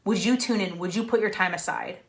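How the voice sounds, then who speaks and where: A woman's voice: mid-range voice, a little fast. Casting: upbeat young woman business coach, live-streaming from home, punchy and encouraging, mid-range voice. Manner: energetic, repeats "right?", laughs. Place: home room.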